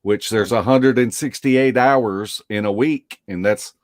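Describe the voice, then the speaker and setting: A man hosting a casual interview, prompting his guest slowly and laughing along. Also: on the low side, no echo, clean studio sound. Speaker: interview host.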